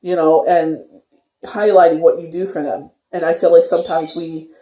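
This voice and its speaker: Tarot reader doing a daily pull, mellow warm voice, lots of "you know", sounds like a roomy echoey space. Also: mid-range voice, little pitch movement, normal speed. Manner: rambling, filler-heavy talk with many "you know"s. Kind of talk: casual daily tarot reading. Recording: echoey room.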